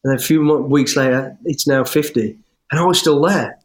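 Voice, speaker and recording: A middle-aged man, an interview guest telling his life story in an animated, rambling way with restarts and swearing. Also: medium pitch, normal speed. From English West Midlands. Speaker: interview guest, former soldier. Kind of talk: storytelling in conversation.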